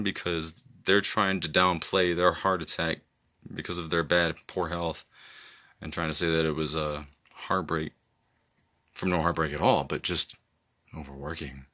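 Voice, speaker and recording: Low, forceful man telling a rambling story. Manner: rambling, filler-heavy, profane and incredulous. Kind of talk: casual storytelling monologue.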